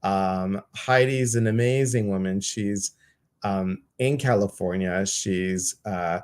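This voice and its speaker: A man's voice: deep voice, slow pace, darkish tone. A man hosting a casual live-stream chat, effusive and rambling, full of fillers. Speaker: host.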